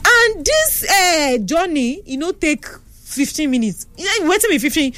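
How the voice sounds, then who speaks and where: Animated young Nigerian woman radio host. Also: sits high, moderate pace, dry recording. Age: young adult. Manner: animated, chatty. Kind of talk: casual radio talk and storytelling. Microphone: studio microphone.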